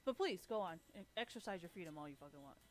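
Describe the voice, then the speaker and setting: A woman on a livestream delivers a blunt, sarcastic rant, swearing constantly throughout her profane monologue. Her voice is lowish with lively intonation, and she talks fast.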